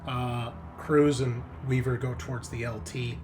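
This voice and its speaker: A man narrating as game master in a relaxed, filler-heavy way. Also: mid-range voice, unhurried, noisy background. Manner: casual, many fillers, laughs often.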